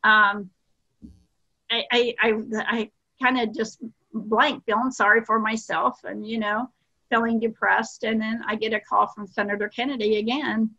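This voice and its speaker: An older woman telling her story to an interviewer, earnest and self-deprecating, wandering through her memories in a bright, fairly high voice. The audio is dull and lo-fi. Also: steady tone, unhurried. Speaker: interview guest.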